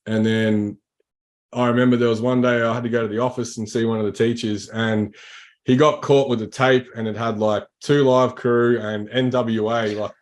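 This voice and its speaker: A man speaking as a podcast guest, in a middle-pitched voice. His talk is relaxed and rambling, full of fillers and restarts. He sounds easygoing throughout. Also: normal speed. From Australia. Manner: rambling, laid-back, many fillers. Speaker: guest musician. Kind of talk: casual podcast chat.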